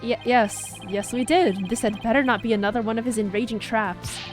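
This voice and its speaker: A young woman streaming a game, making sarcastic, quick, casual asides. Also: on the high side, soft background music.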